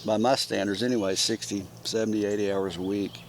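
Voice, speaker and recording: Brief: thoughtful older man, low voice, faint crickets in background. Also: fairly even intonation, a little hiss or hum. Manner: measured, thoughtful. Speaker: guest, brother. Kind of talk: casual reflective chat. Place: mountain cabin.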